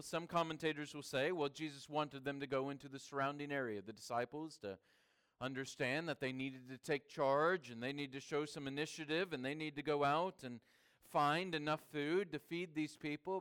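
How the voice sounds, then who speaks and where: Clear-voiced man preaching with swings. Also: fairly high pitch. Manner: preaching with wide swings between hushed and emphatic. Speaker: pastor. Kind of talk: sermon.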